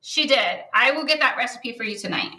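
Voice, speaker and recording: Southern woman chatting while she paints, bright sharp voice, teasing and laughy. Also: on the high side, animated, brisk. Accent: Southern American twang. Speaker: painting show co-host. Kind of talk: casual chat while painting.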